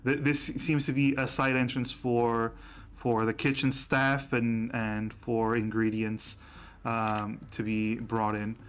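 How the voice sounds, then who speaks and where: Male game master; unhurried, halting narration with frequent fillers. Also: medium pitch, flat delivery, clean tone.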